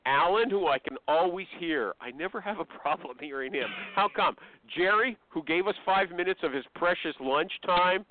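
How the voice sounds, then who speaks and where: A man hosting a casual call-in talk show, brash and teasing, who often acts out pushy sales pitches. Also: moderate pace, slight background noise. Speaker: host. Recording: tinny phone-line audio.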